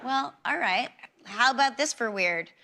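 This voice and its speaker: A woman talk show host closing her show with a deadpan, joking sign-off monologue. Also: a little high, unhurried. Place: TV studio with live audience. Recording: studio audience and noise.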